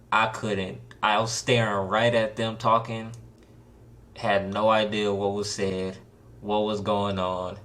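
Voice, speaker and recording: A young man casually telling a true story, laid-back and slangy, rising into a higher voice when he acts out his own panic. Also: a bit bright. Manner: laid-back slangy talk with many likes and restarts.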